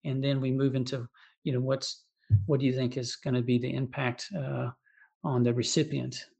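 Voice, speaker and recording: A man speaking as a guest clinician on a podcast. His voice is gravelly with a husky edge at an ordinary pitch, and he explains at a relaxed pace, circling back and restarting his phrases as he goes. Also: normal speed. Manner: explanatory, many restarts and "you know" fillers. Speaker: physician assistant guest. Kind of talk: conversational medical interview.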